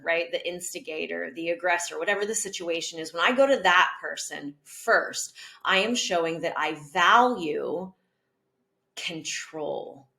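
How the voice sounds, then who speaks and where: A woman's voice: on the low side, vocal fry, fairly bright tone. A woman giving a parenting talk, earnest and coaching, with rhetorical questions to her listeners. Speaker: parenting educator. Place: community center video.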